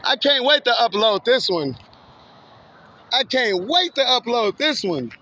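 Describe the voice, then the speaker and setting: High, bright-voiced man taunting outdoors at night. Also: very animated, a little slow. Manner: taunting, mocking, laughs often, swears. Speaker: vlogger filming passing cars. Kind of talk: casual taunting street monologue. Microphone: handheld camera or phone. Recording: dull lo-fi phone audio with faint street noise.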